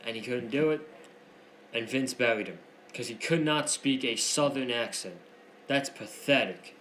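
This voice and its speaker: A man's voice: medium pitch, a little slow, a bit bright. A man hosting a wrestling news show, commenting in a heated, opinionated way and repeating himself for emphasis. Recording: echoey room with faint noise.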